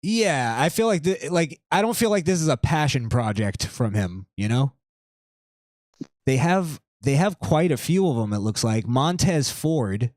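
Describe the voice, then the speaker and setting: A man's voice: on the high side, animated, measured pace, darkish tone, no echo. Male host, loose rambling delivery, dead-dry close mic. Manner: loose, rambling, reads items aloud. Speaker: podcast host. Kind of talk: casual podcast chat.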